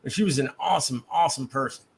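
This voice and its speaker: A man hosting his livestream, talking in an animated, rambling way and laughing often. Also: mid-range voice, fast talker, gravelly, husky. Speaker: livestream host. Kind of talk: casual chat.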